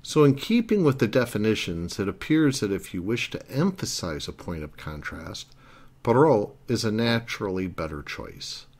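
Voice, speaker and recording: A man's voice: on the low side, big pitch swings, normal speed, a little mellow. A man narrating a language lesson, explaining grammar earnestly and step by step. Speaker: Italian language teacher.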